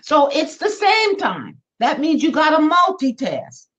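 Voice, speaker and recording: A woman's voice: high-pitched, a little slow. A woman hosting a weekly motivational live stream, talking animatedly and repeating phrases for emphasis. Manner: animated, repeats phrases, acts out little quoted voices. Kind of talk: motivational talk on a social media live stream.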